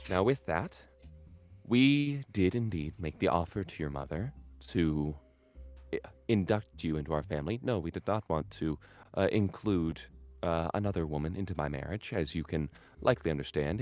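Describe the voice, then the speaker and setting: A man's voice: sits low, moderate pace, soft background music. A man narrating as game master of a tabletop role-playing game and voicing its characters. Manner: animated, jumps into loud bursts for characters. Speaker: dungeon master.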